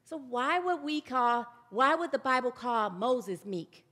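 A woman's voice: high-pitched, animated, a little slow, bright, forceful tone. A woman preaching a sermon with emphatic delivery, sometimes calling on listeners to say words aloud. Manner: emphatic, calls for congregation response. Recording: long hall reverb.

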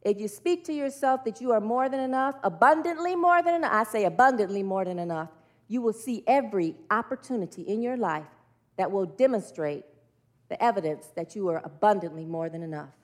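A woman's voice: mid-range voice, animated, fairly quick. A middle-aged woman minister preaching earnestly and leading her congregation in repeated spoken affirmations. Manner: earnest, leads the congregation in call-and-response.

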